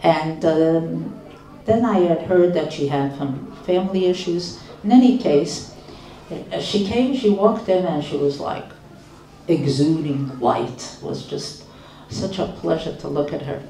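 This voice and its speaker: Older woman, rebbetzin, unhurried storyteller with a lowish mellow voice; roomy, distant recording. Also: a little hiss or hum. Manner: slow, measured, with frequent restarts. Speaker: rebbetzin giving a talk. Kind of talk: storytelling lecture.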